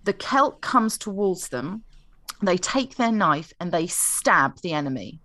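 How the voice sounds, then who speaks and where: A woman's voice: on the low side, sing-song, measured pace, sharp tone, no room sound. A young woman on a casual history chat, telling the story in a chatty way with fillers and a readiness to laugh at herself.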